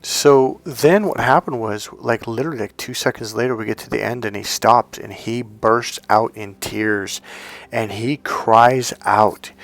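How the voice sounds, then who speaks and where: Brief: male dating coach, mid-pitched, lively storyteller, dry close sound. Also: a little slow, no echo. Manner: animated storyteller, acts out quotes. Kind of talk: casual monologue with personal stories.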